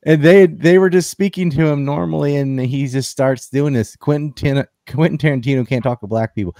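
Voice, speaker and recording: A man's voice: fairly high pitch, a little fast, creaky, hardly any pauses, dark tone, no room sound, studio quality. A man hosting a casual political chat, blunt and sardonic, often breaking into mocking impressions.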